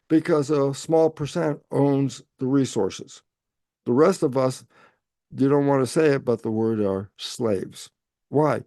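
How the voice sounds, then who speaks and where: A man speaking as an interview guest, explaining in an animated way and answering his own rhetorical questions. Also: medium pitch, no echo, studio quality.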